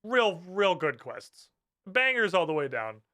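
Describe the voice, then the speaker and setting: High, bright-voiced man ranting while gaming. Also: sing-song, a little slow. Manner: heated, swearing rants. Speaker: game streamer. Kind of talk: casual live-stream commentary.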